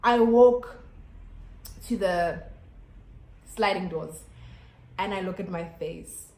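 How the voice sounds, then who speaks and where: A young South African woman telling a storytime vlog to her camera at home, chatty and animated with lots of fillers and restarts. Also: mid-range voice, slow pace. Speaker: YouTuber. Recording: echoey room.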